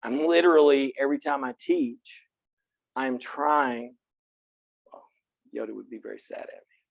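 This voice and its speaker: A man from Texas teaching a college philosophy class, frank and earnest and quick to crack a joke, recorded on a close mic in a classroom. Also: mid-range voice, animated, vocal fry, no echo. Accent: Texan. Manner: earnest, frank, joking, speaks directly to students. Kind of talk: classroom lecture.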